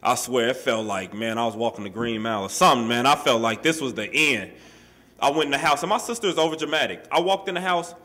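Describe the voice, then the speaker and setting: At a workshop, a man tells his audience a personal story from his life, his medium-pitched voice moving quickly. He keeps it loose and street-style, sprinkling in "man" and "you know," and animatedly acts out the voices of the people he quotes.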